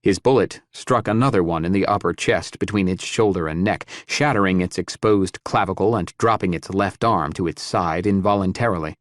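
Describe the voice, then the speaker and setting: A man narrating a post-apocalyptic audiobook in a steady, measured, grim way. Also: low voice, no room sound, clean studio sound. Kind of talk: scripted narration.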